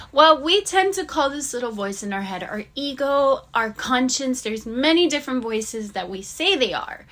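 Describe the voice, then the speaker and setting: A woman's voice: high voice, a bit bright. A woman talking to her viewers in a casual, encouraging motivational vlog, earnest and chatty. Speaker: YouTube vlogger.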